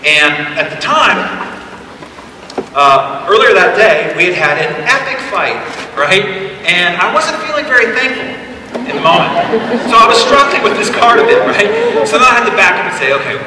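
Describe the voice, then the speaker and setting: Animated man speaking in an echoey hall. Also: high voice, moderate pace, a crowd in the background. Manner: animated, conversational storytelling with emphatic asides. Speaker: keynote speaker. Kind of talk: motivational keynote storytelling. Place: large event hall, live on stage. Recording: echoey hall taped from far off.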